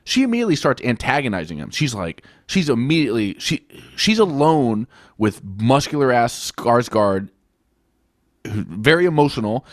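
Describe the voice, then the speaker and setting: A man's voice: medium pitch, big pitch swings, normal speed, dry recording, studio quality. A man co-hosting a podcast, rambling casually and swearing as he retells plot scenes. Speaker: podcast co-host. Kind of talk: casual film-review chat.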